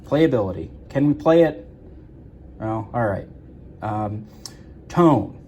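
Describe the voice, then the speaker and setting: A man's voice: medium pitch, animated, slow, darkish tone, highs cut off, slight background noise. A man working as a guitar repair tech, explaining a repair in a casual, rambling way with many fillers and restarts.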